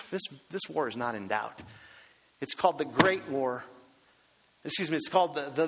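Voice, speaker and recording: High-voiced man preaching in a reverberant hall. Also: sharp tone, breathy edge. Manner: emphatic preaching with rhetorical questions. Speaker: pastor. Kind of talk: sermon.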